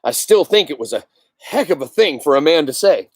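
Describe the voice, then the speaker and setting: A gruff, deep-voiced hunter , as a man reading a novel puts him on, growling his words. The voice is close and dry, with lively shifts of pitch. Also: a little fast, no echo. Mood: indignant.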